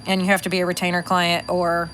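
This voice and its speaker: A woman's voice: on the low side, completely flat delivery, fast talker, fairly bright tone, slight background noise, poor audio. A woman in her thirties hosting a podcast from home, talking casually in a chatty, profane, filler-heavy way. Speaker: podcast host. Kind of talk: casual monologue.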